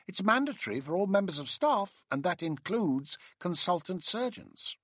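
A man voicing a brisk, mockingly disapproving woman colleague in a read-aloud story. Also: sits high, wildly swooping pitch, a bit bright, husky, no echo, clean studio sound, voice pushed up, exaggerated voice.

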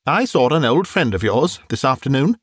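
A man voicing a contented middle-aged husband who speaks in an unhurried, smiling way, in an audiobook reading. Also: medium pitch, big pitch swings, a bit bright, slightly rough, no room sound, studio quality. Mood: gentle.

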